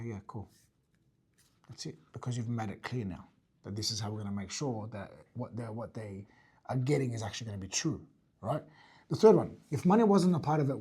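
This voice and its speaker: A fitness business owner teaching a group about sales. He talks blunt and energetic, swears casually and keeps checking in with "right?". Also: medium pitch, slightly rough. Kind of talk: teaching talk to an audience.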